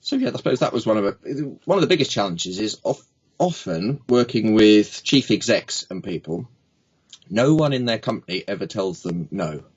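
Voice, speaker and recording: Low, husky man telling stories. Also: big pitch swings, moderate pace. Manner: anecdotal, jokey, acts out quotes. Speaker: guest, speaking coach. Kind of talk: casual interview chat. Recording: dull lo-fi recording.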